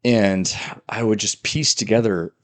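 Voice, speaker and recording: A man who works as a police officer, chatting casually on a podcast with a dry, deadpan humor. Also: fairly low pitch, measured pace. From California.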